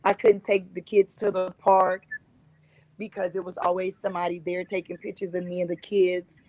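A woman's voice: fairly low pitch, level tone, moderate pace, a little mellow, rough recording. A woman guest on a talk show, earnestly recounting a personal experience and often repeating herself. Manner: earnest, repetitive storytelling.

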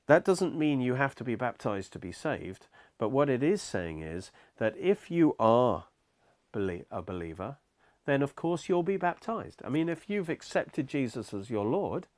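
A man's voice: on the high side, darkish tone, dry recording. A man preaching a sermon, explaining scripture step by step in an earnest, emphatic way.

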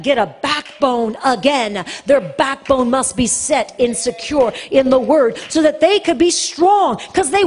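A woman preaching a sermon with passion, pressing hard on key phrases and slowing for emphasis. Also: a little high. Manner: passionate, shifts between fast and slow emphatic delivery. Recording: long hall reverb.

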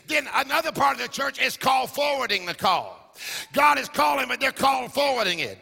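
A man preaching a sermon, chanting in a sing-song rhythm and shouting at the peaks, in a large church. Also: very high voice, big pitch swings, moderate pace, vocal fry, breathy edge. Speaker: pastor. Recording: church hall reverb with music.

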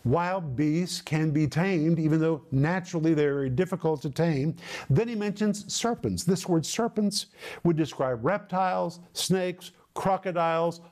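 Middle-aged male preacher, somewhat high voice, emphatic and deliberate teaching sermon. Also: a little mellow. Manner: deliberate, emphatic word-by-word explanation. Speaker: Bible teacher.

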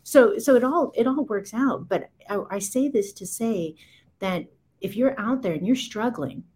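A woman's voice: medium pitch, a little mellow, slightly rough, rough recording. A woman in her forties giving a candid, impassioned account in conversation, speaking emphatically in rising bursts. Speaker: guest.

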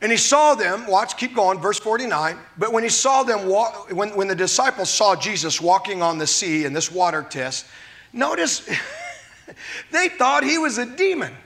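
High, bright-voiced animated preacher man. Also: moderate pace. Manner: animated preaching, rhetorical questions, acted-out quotes, laughs at own jokes. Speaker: pastor. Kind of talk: sermon.

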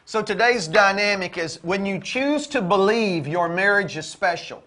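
A man co-hosting a Christian marriage show, talking in an exhorting, preaching style that repeats key phrases and builds toward near-shouts. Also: sits high, normal speed.

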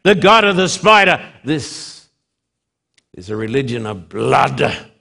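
A man preaching a sermon, swinging from loud emphasis to hushed drops, with slow, deliberate, repetitive phrasing. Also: medium pitch, big pitch swings, vocal fry.

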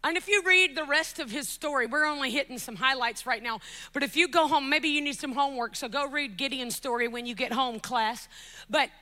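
A woman preaching a lively sermon from a church pulpit, joking with the congregation, shouting at her peaks and dropping to soft, intimate tones. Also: sits high. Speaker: guest preacher.

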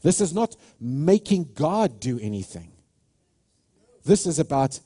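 A male pastor preaches with fervent emphasis, pressing each point and stumbling into restarts as he builds. His mellow, darkish voice swings widely in pitch, sitting a touch high. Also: sing-song, a little slow, breathy edge. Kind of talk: sermon.

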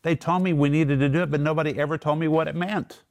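A man's voice: a little high, fairly even intonation, fast talker. A man teaching the Bible to a small discussion group, emphatic, breaking words down one at a time.

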